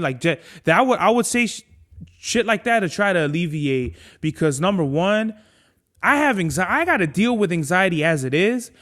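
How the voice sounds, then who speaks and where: Candid, cursing young man venting. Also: a little high. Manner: candid, profane, rambling with restarts; gets heated and animated when venting. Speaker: podcast host. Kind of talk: casual chat.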